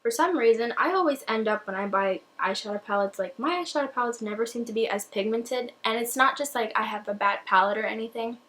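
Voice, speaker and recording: A woman's voice: fairly high pitch, brisk, hardly any pauses, pushed and bright, a little hiss or hum, low-quality recording. A young woman talking through a makeup tutorial in a chatty, rambling, self-deprecating way, a little out of breath. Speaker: beauty vlogger.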